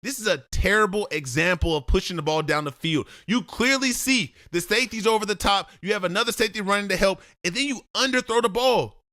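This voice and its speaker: A man's voice: high voice, a little fast, few pauses, sharp tone, no echo, studio quality. A man breaking down game film as a football analyst, blunt and lecturing, talking straight at the player he critiques.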